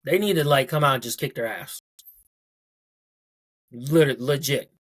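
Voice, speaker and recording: A man's voice: mid-range voice, measured pace. A man hosting his own podcast in a casual solo rant, blunt and profane, repeating points for emphasis. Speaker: podcast host.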